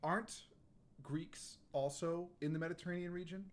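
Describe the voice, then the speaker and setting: A co-host on a live stream, chatting casually in a halting, rambling way. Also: mid-range voice, steady tone. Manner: rambling, halting, full of restarts.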